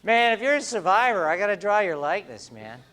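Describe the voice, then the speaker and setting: Wry, high-voiced middle-aged man. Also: big pitch swings, pushed and bright, a little hiss or hum. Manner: playful, quick-witted, wry asides. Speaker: cartoonist and speaker. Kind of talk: humorous live talk. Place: event hall before an audience.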